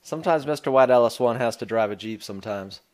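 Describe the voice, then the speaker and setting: A man's voice: medium pitch, quick pace. A man hosting a casual chat, teasing his guest and laughing often. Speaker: host.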